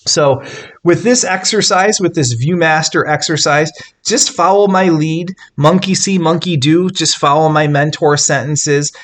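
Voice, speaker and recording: A man's voice: a little high, measured pace, fairly bright tone. A middle-aged man, a composition teacher, talking earnestly and emphatically to fellow teachers, with fillers and restarts. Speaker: writing teacher.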